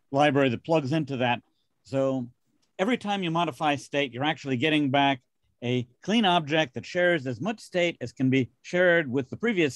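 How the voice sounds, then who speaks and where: A man's voice: a little high, no echo. A man explaining a technical approach steadily on a casual video call.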